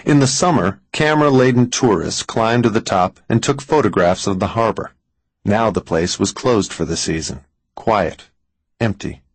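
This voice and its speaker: A man reading a thriller audiobook in an even, deliberate scripted narration. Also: fairly low pitch, no room sound, rough recording.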